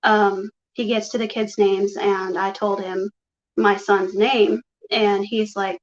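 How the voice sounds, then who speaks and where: A woman's voice: medium pitch, level tone, takes it slowly. A woman guest telling her personal story in a rambling way, retelling conversations with "he's like" and "I'm like". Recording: dull, muffled lo-fi audio.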